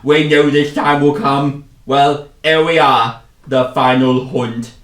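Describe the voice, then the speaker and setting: A man's voice: medium pitch, lively intonation, a little fast, recorded from a distance, natural voice. A man voicing a stern female military commander, speaking in a commanding way with a put-on accent that keeps drifting. He is recorded in a roomy space, away from the mic. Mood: grave.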